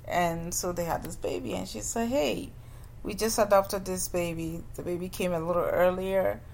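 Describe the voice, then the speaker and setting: A woman who runs a childcare business, casually telling a story in an animated way and acting out the people she quotes. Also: normal speed, vocal fry, slight background noise. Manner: animated, acts out quoted people with jumps in pitch.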